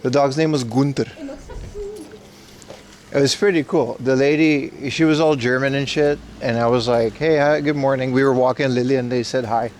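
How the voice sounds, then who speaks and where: A man's voice: mid-range voice, steady tone, moderate pace, a little mellow, slight background noise. A man hosting a casual outdoor livestream, joking and answering chat questions aloud as he walks city streets. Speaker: livestream host.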